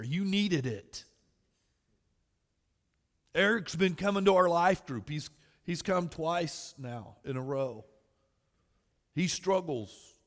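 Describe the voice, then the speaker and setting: A man preaching a sermon as pastor, swinging from shouted exhortation to quiet storytelling. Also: high voice. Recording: long hall reverb.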